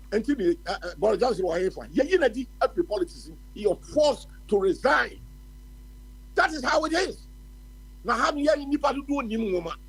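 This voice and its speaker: A man's voice: high voice, slightly rough, rough recording. Impassioned Ghanaian man ranting. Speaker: radio commentator. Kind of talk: political commentary in Twi and English. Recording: radio phone-in stream.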